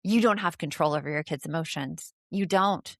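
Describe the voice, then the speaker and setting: A woman's voice: sits low, normal speed, gravelly, no room sound, clean studio sound. A woman podcast host giving casual parenting advice, speaking directly and frankly to the listener.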